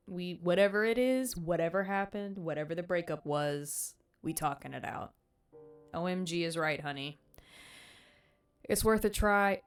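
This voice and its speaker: Lowish-voiced woman streamer reading a game aloud. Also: unhurried, clear, resonant tone, faint music behind. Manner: animated, swears, slangy asides to chat. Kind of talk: reading a visual novel aloud with live reactions.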